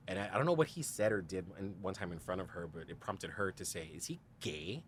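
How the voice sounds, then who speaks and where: His voice sits low but swings widely in pitch, moving at a quick pace over a faint hiss or hum. He's a podcast guest candidly telling a personal story, performing dialogue from the people involved, laughing often, with frequent "like" and "you know."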